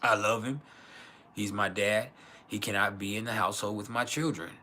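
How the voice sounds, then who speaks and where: A man's voice: lowish voice, fairly even intonation, normal speed, pushed and bright, a little hiss or hum. A young man hosting an astrology livestream, telling a personal family story in a candid, rambling, emotional way with plenty of swearing.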